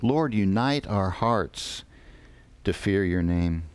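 A man preaching a sermon, reading scripture slowly and deliberately with pauses. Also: low-pitched, animated, clear, resonant tone, dry recording.

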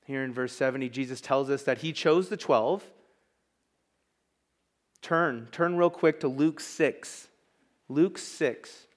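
A man's voice: medium pitch, takes it slowly, pauses often. A man preaching a sermon as pastor, emphatic and conversational, with asides to the congregation.

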